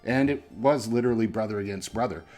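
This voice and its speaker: A man hosting a movie review show talks through his opinions in a loose, conversational way, checking in with the listener through frequent "right?" and "you know" tags. His voice is on the low side, and faint music plays underneath. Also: fast talker, darkish tone. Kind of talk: casual film review.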